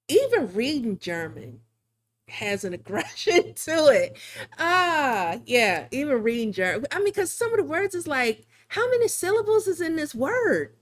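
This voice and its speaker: Casting: woman livestream artist, unhurried delivery, slightly high voice, rambling chatty tone. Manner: rambling, chatty, laughs often. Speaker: live-streaming digital artist. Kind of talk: casual livestream chat while drawing.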